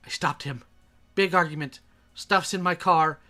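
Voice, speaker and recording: A man's voice: on the high side, measured pace, pushed and bright, soft background music. A man reading messages aloud and reacting in a sarcastic, exasperated way.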